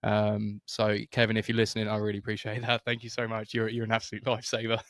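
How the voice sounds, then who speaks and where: A British man co-hosting a relaxed podcast, telling a story with plenty of "um"s and restarts. His voice sits on the low side. The sound is close and dry, with no room around it. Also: fast talker, no room sound. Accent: British English. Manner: chatty storyteller, many fillers and restarts. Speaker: podcast co-host. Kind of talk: casual podcast chat. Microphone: studio microphone.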